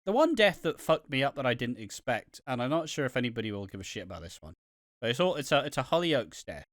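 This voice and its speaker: A man's voice: mid-range voice, very animated, fast, no echo, clean studio sound. A man co-hosting a casual podcast chat who rambles, swears freely and gets worked up retelling scenes. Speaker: podcast co-host.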